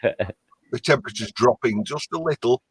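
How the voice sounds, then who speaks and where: A man's voice: mid-range voice, a little fast, husky, no room sound, poor audio. A man from the north of England with a strong Lancashire accent, chatting and teasing as a guest on a live stream. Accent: Lancashire English. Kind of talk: casual chat. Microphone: on camera, close.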